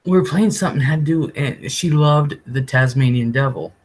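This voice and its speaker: A man's voice: mid-range voice, normal speed, slightly rough, low-quality recording. A man hosting a live stream, telling a rambling story casually, often laughing and swearing. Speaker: livestream host.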